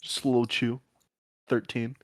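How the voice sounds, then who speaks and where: A man's voice: medium pitch, little pitch movement, normal speed, no echo. Male player, playful and casual, close dry recording. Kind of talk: casual tabletop play.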